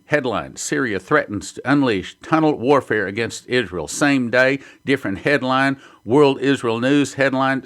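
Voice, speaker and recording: A man's voice: medium pitch, fairly bright tone. A man hosting a prophecy ministry, teaching in a sermon style and reading headlines and quotes aloud earnestly.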